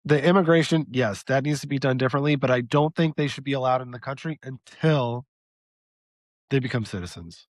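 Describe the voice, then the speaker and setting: A man's voice: medium pitch, brisk, no echo. A man co-hosting a podcast, talking through a policy plan step by step in a casual debate. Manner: thinks aloud, lays out a plan step by step. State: losing his voice. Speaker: podcast co-host.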